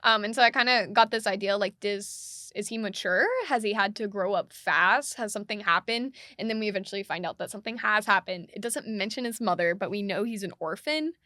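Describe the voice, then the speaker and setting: Woman co-host, bright tone, talks things through analytically, dry sound. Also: mid-range voice, a little fast, few pauses, no room sound. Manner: analytical, asks questions, frequent fillers. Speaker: podcast co-host. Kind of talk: casual film discussion.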